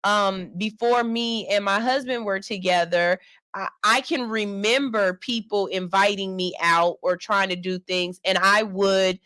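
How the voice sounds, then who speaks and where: Middle-aged woman, radio host, mid-pitched, candid and chatty, dry studio sound. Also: steady tone, unhurried, bright, forceful tone, no echo, low-quality recording. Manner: candid, personal, reads listener comments aloud. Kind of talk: casual talk radio chat.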